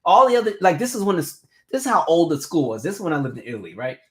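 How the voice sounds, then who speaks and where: A man in his thirties hosting a casual live stream, telling animated stories and reading viewer comments aloud. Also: on the high side, racing. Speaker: host.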